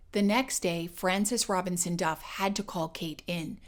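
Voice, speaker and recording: A woman voice coach giving a scripted educational narration in a clear, measured and emphatic way. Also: on the low side.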